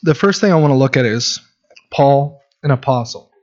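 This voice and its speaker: A man's voice: mid-range voice, lively intonation, normal speed, darkish tone. Earnest preacher man, lo-fi sound. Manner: earnest, conversational preaching with many restarts. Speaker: pastor. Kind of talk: sermon. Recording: dull lo-fi recording.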